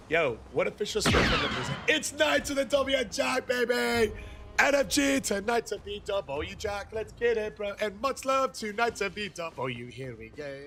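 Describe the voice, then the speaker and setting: A young man live-streaming a game, greeting chat loudly with hype shouts and frequent swearing. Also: sits high, vocal fry. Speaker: gaming streamer.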